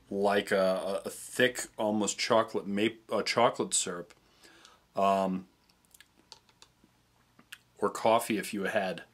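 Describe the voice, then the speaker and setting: A young man with a somewhat low voice talks his way through a food review vlog. He rambles casually, restarting sentences and stumbling over words as he goes. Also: a bit bright. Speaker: vlogger tasting treats.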